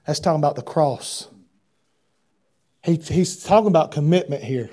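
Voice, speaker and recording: High-voiced animated male preacher. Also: moderate pace. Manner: animated preaching, reading scripture in King James wording, rising to shouts. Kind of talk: sermon.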